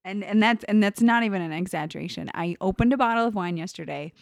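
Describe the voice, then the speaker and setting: A woman's voice: mid-range voice, quick pace, gravelly, no room sound, clean studio sound. A woman co-hosting a podcast, chatting casually and teasing her co-host with lots of fillers and laughs. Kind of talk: casual chat.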